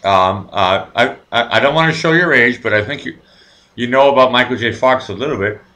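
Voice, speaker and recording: A man's voice: mid-range voice, fairly quick, pushed and bright. Stammering man hosting a live show. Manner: rambling, stammering, crude jokes. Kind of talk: casual live chat.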